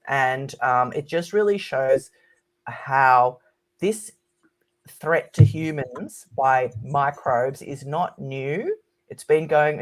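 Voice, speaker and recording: A woman academic as a podcast guest, talking casually and ranting with animation. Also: deep voice. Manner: animated ranting, quick to mimic others.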